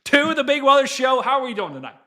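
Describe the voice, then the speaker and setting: A young man hosts a weather livestream with a noticeably high voice. He chats casually, gets excitable, and breaks into exclamations and laughs. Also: fast. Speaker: livestream weather show host.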